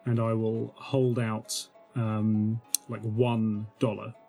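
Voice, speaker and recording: A man's voice: lowish voice, level tone, slow, vocal fry, dark tone, faint music behind. A man playing a tabletop role-playing game, chatty, laughing easily and thinking aloud with many fillers. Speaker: player.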